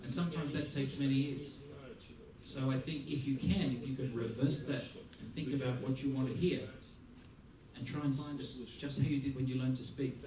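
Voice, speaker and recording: A man teaches a music masterclass, playful and lively, acting out small scenes to make his point. His voice is picked up from a distance in a large, echoey theater hall. The audience is heard around him. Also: medium pitch, moderate pace, crowd noise. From Australia. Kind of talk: masterclass talk. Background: audience laughter.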